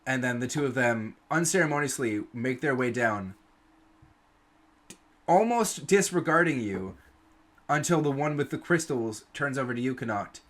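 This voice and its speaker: A man's voice: medium pitch, expressive, moderate pace, a bit bright. A man narrating a tabletop game as game master, loose and descriptive.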